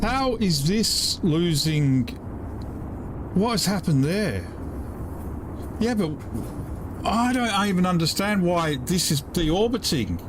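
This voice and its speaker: A man's voice: high voice, very animated, takes it slowly, pauses often, noisy background. Older British man, baffled muttering. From United Kingdom. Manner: baffled, muttering to himself with trailing half-sentences. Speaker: gaming streamer. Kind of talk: live gameplay commentary.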